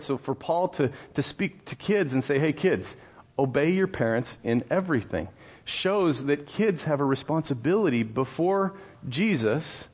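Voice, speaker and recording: A man's voice: a little high, darkish tone, dull audio. A male pastor in his thirties preaching a sermon in a conversational, storytelling way, with rhetorical questions and laughs.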